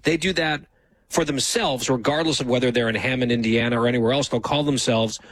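A man's voice: mid-range voice, fairly even intonation, a little fast, no room sound. A man hosting a political talk show, commenting in a dry, sarcastic way. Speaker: host.

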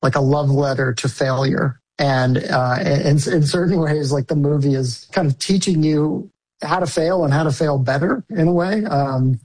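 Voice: medium pitch, normal speed, darkish tone, rough recording. A filmmaker answering interview questions thoughtfully, often restarting and searching for words.

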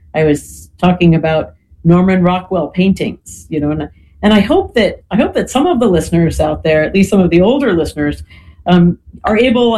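An interview guest explains history in an unhurried, conversational way. The voice sits at a middle pitch and keeps circling back with "you know" and a checking "right?". A light hiss runs underneath. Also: a little mellow, rough recording. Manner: peppers speech with "you know" and tag "right?". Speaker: podcast guest.

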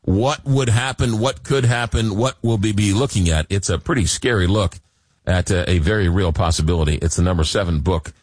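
A man's voice: on the low side, fairly quick, no room sound. A man hosts a late-night radio talk show. He jokes a lot and trips over his own words, with repeats and fillers. The studio sound is dry and close.

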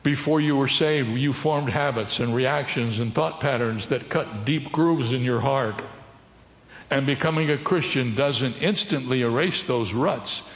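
A man's voice: mid-range voice, measured pace. Man preaching in an echoey hall. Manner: teaching, asks the congregation questions. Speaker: pastor. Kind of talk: sermon. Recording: echoey hall with long reverb.

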